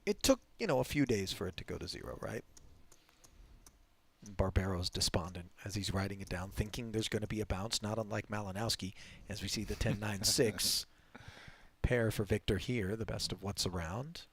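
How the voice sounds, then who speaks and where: A man doing live poker commentary and telling animated stories, laughing as he goes. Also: on the low side, moderate pace, a little hiss or hum. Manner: animated storyteller, laughs through anecdotes.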